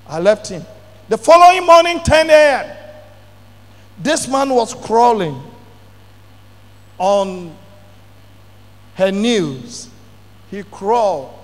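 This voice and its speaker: A middle-aged male pastor, telling a testimony in a sermon with dramatic bursts of shouting. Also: high voice, very animated, slow pace, pauses often. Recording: long hall reverb.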